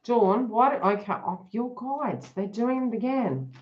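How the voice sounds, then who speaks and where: A woman's voice: on the high side, lively intonation, unhurried. A woman reading cards on a live stream, chatting to viewers by name and laughing often. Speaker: tarot reader hosting a live stream. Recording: dull lo-fi live stream audio.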